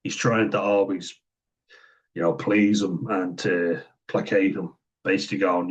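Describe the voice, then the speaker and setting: A man's voice: low-pitched, flat delivery, normal speed, husky, muffled recording. An Irish man talking through a series in casual commentary, blunt and chatty, acting out the quoted lines as he goes. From Ireland.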